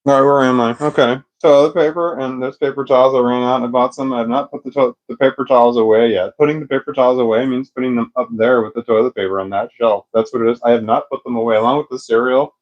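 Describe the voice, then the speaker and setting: A man's voice: mid-range voice, steady tone, quick pace, hardly any pauses, muffled recording. A middle-aged man talking at home into a phone camera with a small microphone, rambling, swearing and losing his thread. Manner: rambling, profane, loses his train of thought. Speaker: vlogger. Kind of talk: rambling casual vlog. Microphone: phone camera with a small external microphone.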